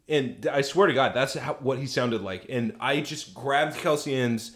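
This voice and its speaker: Male co-host, casual and crude, animated storyteller, mid-pitched. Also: normal speed, hardly any pauses. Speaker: podcast co-host. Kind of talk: casual chat.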